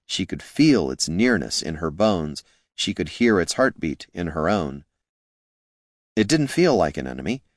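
A man reading a fantasy story aloud in a measured, wry narration. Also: low-pitched, very animated, no echo, clean studio sound. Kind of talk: scripted audiobook narration.

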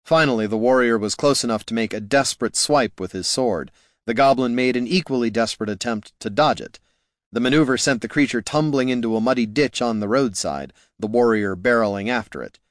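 Wry male fantasy audiobook narrator, mid pitch, dry close recording. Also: fairly quick, no echo.

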